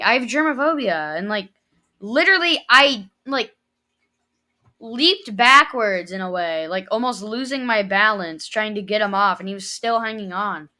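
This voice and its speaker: A woman's voice: mid-range voice, sharp tone. A teenage girl telling a rambling, emotional story in a casual vlog, full of fillers. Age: teens. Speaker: vlogger.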